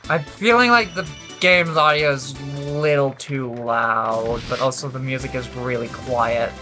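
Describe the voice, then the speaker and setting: With music playing, a weary man gives rambling, unhurried gameplay commentary in a mid-range voice. As a let's play commentator he curses, self-corrects, and restarts often, his voice clearly worn out.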